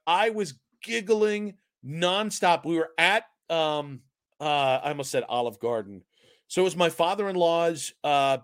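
Chatting casually on a sports podcast he co-hosts, a man with a fairly high, fairly bright voice rambles along in a self-deprecating way, frequently breaking into giggles. The sound is close and dry, with almost no room present.

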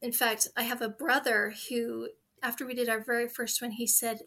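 A woman's voice: a little high, flat delivery, normal speed, sharp tone. A woman in her forties, a guest in an interview, telling earnest, heartfelt stories about her family. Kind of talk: interview conversation.

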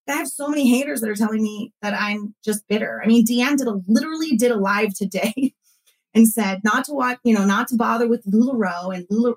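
A woman in her thirties who hosts a podcast, talking casually in an animated way and acting out what others said. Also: a little high, rough recording. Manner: animated storytelling, acts out quotes, frequent fillers. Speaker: podcast host and former consultant. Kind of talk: casual conversational interview.

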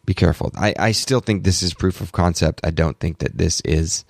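A man hosting a solo tech podcast, talking in an excitable, rambling way and correcting himself, bothered by allergies. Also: low voice, brisk, gravelly, dry recording, studio quality. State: allergies, throat clearing. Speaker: podcast host.

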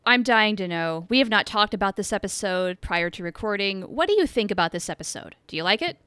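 A woman co-hosting a podcast in casual chat, upbeat and quick to laugh. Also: mid-range voice, animated, bright, forceful tone, smooth, no room sound. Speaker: podcast co-host.

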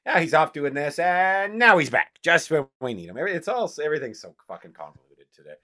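A man's voice: on the high side, very animated, fast, bright, forceful tone. A man co-hosting a podcast, reacting to a TV episode in exasperated, swearing casual chat. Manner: exasperated, swearing, rising and falling delivery. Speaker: podcast co-host.

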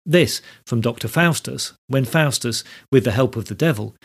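Guy doing a scripted history podcast, gravelly low-key voice, kinda husky, calm explainer tone. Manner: measured, explanatory, reads quotes aloud. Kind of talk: scripted educational narration.

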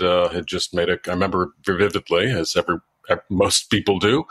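A man answering interview questions in a measured, thoughtful way, pausing often with "uh". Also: low voice, a bit bright, no room sound. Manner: measured, thoughtful, with frequent hesitations. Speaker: guest, former diplomat and author.

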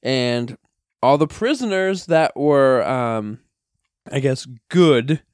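A man's voice: mid-range voice, expressive, takes it slowly, clean tone, no echo, clean studio sound. A man telling a story in casual podcast chat, rambling with many fillers and frequent laughs. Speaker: podcast guest, wrestler.

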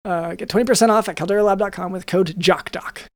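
Music plays behind a male podcast co-host whose high voice keeps a fairly even intonation at a quick pace. He riffs through the sponsor read, rambling and joking, restarting again and again in this improvised comedic ad.

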